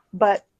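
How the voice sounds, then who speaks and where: A young woman chatting casually as a book vlogger, self-deprecating and full of quick asides. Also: darkish tone, no echo, poor audio. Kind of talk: casual chat. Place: home.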